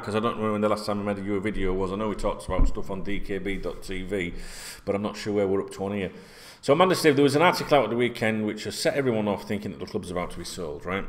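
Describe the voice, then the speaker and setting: A man, ranting casually and bluntly to camera as a football vlogger, swearing often and rambling between topics. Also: lowish voice. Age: 40s.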